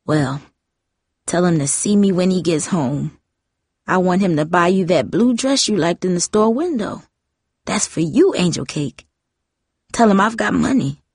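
A woman voicing a frail, confused old grandmother who talks in a slow, fond, wandering way. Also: on the low side, animated, a little mellow, slightly rough, no room sound, clean studio sound, full character voice. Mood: tender, wandering.

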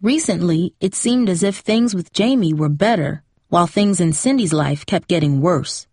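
A woman narrates a novel in a steady, measured way. Her voice sits fairly low, and the recording is dry and close, with no room sound around it. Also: breathy edge, no echo. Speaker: audiobook narrator. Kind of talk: scripted narration.

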